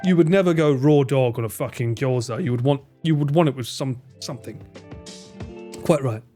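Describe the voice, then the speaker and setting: A man's voice: medium pitch, dark tone. A British man streaming live, bantering with his chat, joking and swearing freely. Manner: banter with chat, frequent swearing, quick jokes. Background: faint guitar music.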